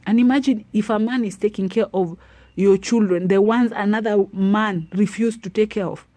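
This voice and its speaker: A woman giving preachy, animated advice to women and retelling a Bible story. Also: medium pitch, moderate pace, no room sound. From Africa. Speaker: advice vlogger. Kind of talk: motivational talk to women.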